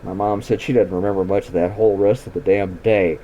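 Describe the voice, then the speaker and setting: A man's voice: on the low side, little pitch movement, brisk, dark tone, muffled recording, a little hiss or hum. A man hosting a show, telling a ranch story in a casual, folksy, plain-spoken way. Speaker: storytelling host.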